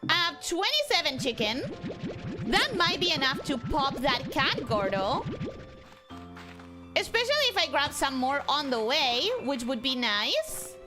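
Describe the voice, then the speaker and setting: With a high, sing-song voice and an unhurried pace, a young woman talks to her chat while streaming a game from home. She's bubbly and chatty on her desk mic, with game music in the background.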